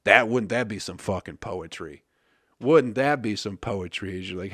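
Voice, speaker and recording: A man's voice: lowish voice, normal speed, a bit bright, no room sound, studio quality. A man hosting his own podcast, telling a comedic story in a profane, rambling way and laughing at his own jokes. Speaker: podcast host. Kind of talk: casual comedic monologue.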